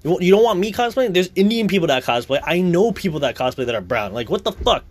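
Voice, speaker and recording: A man's voice: high voice, big pitch swings, quick pace. A young man talking casually, blunt and profane, in a heated rant.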